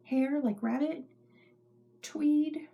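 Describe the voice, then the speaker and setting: A woman's voice: high voice, extremely slow, gravelly, mellow, muffled recording, a little hiss or hum. A middle-aged woman hosting a knitting podcast from her home craft room, rambling chattily and often dropping into whispers. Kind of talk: casual show-and-tell chat.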